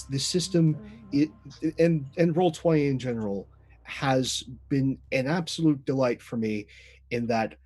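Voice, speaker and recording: A man's voice: mid-range voice, a little mellow. A man playing a tabletop spy game, enthusiastically describing his character's actions in the third person.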